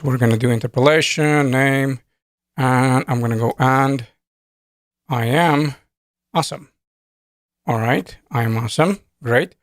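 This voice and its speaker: A man teaching programming in a relaxed, conversational tutorial, thinking aloud as he types code on screen. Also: medium pitch, no echo, clean studio sound. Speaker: programming instructor. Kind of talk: screen-recorded coding tutorial.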